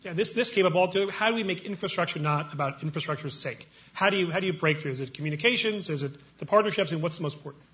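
A man moderating a panel discussion, chatty and quick, often breaking off and restarting his sentences. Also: on the high side, fairly bright tone.

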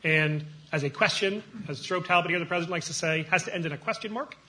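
A man moderating a panel discussion, chatty and quick, often breaking off and restarting his sentences. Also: fairly high pitch, sharp tone.

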